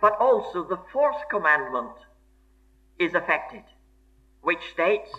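A man's voice: sits high, sing-song, slow, pauses often, pushed and bright. A man preaching a sermon in an earnest, emphatic way, repeating key phrases for stress. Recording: dull lo-fi sermon recording.

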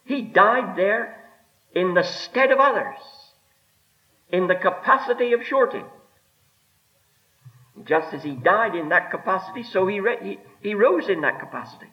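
Preacher guy giving a sermon, voice swings way up and down, kinda high, muffled old tape sound. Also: lively intonation. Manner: emphatic, rising and falling delivery with slow stressed phrases. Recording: dull lo-fi sermon recording.

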